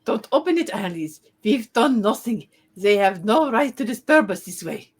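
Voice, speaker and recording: A woman's voice: medium pitch, very animated, normal speed, breathy edge. A woman voicing a bitter German woman who scolds in a reproachful comic-book reading.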